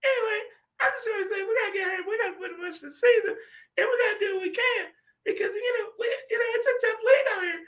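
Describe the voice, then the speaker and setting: A man doing a mocking impression of a male football star, in a high crying falsetto and a rushed, babbling delivery. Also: fairly bright tone, recorded from a distance. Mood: mock sobbing.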